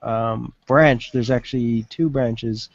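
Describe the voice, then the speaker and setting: Man, mid pitch, halting speech, dry close sound, muffled call audio. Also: steady tone, gravelly, no echo. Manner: halting, restarts a lot. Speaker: panel guest. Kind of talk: casual group chat.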